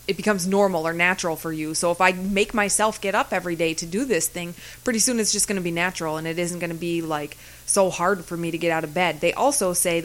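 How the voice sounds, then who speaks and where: A woman's voice: lowish voice, fairly bright tone. A woman co-hosting a podcast, talking in a casual, earnest way. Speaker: podcast co-host. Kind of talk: casual chat.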